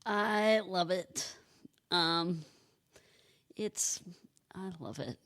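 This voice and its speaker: A woman's voice: on the low side, drawn-out words, fairly bright tone, dry recording. A young woman co-hosting a podcast, chatting casually and gushing with enthusiasm. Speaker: podcast co-host. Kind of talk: casual chat.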